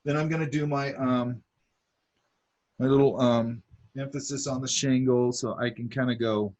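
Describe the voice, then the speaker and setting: A man's voice: medium pitch, fairly even intonation, normal speed, a little mellow, dull audio. A man teaching a drawing class, talking casually as he sketches, with lots of fillers and asides. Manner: talks while drawing, many fillers and asides. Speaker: art instructor.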